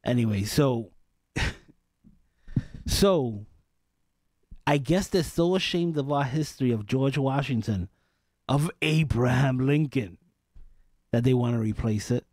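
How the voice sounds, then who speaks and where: A man's voice: medium pitch, animated, measured pace, pauses often, a little mellow, no echo. A man hosting a political talk radio show, venting in an exasperated, rambling way with frequent restarts and sighs, at a studio microphone.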